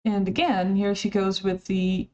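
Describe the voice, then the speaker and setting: A woman's voice: medium pitch, little pitch movement, measured pace, a little mellow. Woman, video commentary, critical and chatty, dull muffled audio. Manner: critical, conversational, hesitant restarts.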